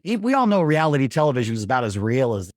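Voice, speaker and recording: Middle-aged male guest, mid-range voice, animated storyteller, blunt and emphatic. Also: medium pitch, fast talker, no room sound, clean studio sound. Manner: emphatic, blunt, with mild swearing. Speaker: podcast guest.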